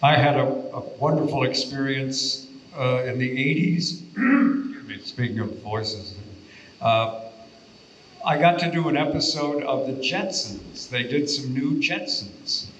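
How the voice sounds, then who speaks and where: An older man recalls a studio session with warm admiration. His voice sits at an ordinary pitch. The room gives it a noticeable echo, with faint hiss behind it. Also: expressive, measured pace. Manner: reminiscing, admiring. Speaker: voice actor panelist. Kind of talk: anecdotal panel storytelling. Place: convention panel room. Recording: echoey room.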